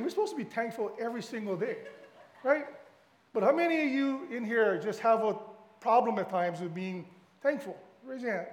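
A middle-aged man from Hawaii, speaking with a Hawaiian accent in a high voice, gives a casual, chatty sermon to the congregation as a guest pastor.

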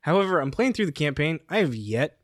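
A man's voice: on the high side, sing-song, brisk, no echo, studio quality. A man chatting casually with friends, laughing often as he retells a shared story. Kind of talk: casual chat.

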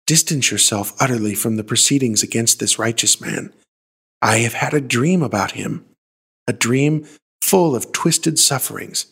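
A man's voice: medium pitch, normal speed, gravelly, a bit bright, husky, heavily acted. A man reading Pilate's anxious wife, urgent. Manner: urgent, pleading.

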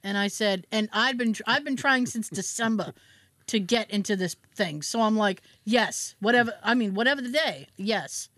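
A woman's voice: medium pitch, animated, moderate pace, fairly bright tone, no echo. A woman chatting casually as a podcast host, telling a story with lots of swearing and acting out both sides of phone calls. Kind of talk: casual chat.

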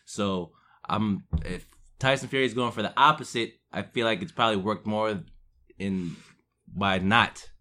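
A man's voice: lowish voice, a little slow, sharp tone. A man co-hosting a podcast, laid back and slangy, laughing often. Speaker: podcast co-host. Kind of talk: casual chat.

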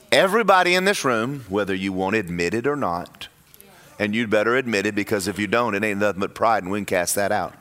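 A man preaching a sermon in a church, animated and acting out voices of churchgoers. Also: medium pitch. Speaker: pastor.

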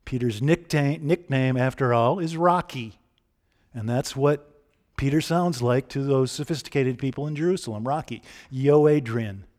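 A man preaches a sermon conversationally, frequently putting direct questions to his listeners. His voice is medium in pitch and darkish in tone, with a moderate pace.

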